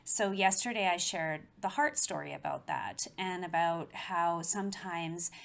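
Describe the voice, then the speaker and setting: A woman in her forties with a slightly low voice tells a personal story in a relaxed conversation. She speaks with animation and laughs easily along the way. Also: unhurried, gravelly. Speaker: guest. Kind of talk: casual conversation.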